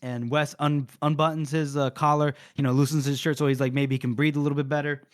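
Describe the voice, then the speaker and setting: A man's voice: fairly high pitch, little pitch movement, quick pace, dry recording, clean studio sound. A man co-hosting a casual book podcast, retelling scenes animatedly, swearing and acting out the lines. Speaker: podcast co-host.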